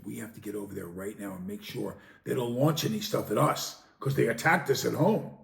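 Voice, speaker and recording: A man hosting a podcast in a heated monologue, swinging from loud outbursts to low, sarcastic mutters. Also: brisk, creaky. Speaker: podcast host. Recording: echoey room, distant mic.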